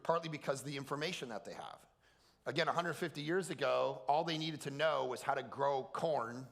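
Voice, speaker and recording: Animated, gravelly-voiced man preaching a comic sermon. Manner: animated, jokey storyteller acting out quotes in a high voice. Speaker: pastor. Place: large hall at a camp.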